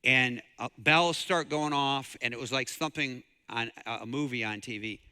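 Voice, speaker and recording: A man's voice: medium pitch, normal speed, bright, forceful tone, clean tone, big-room sound. A man from the preaching a sermon as pastor, telling a story and rising to fervent emphasis. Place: church sanctuary.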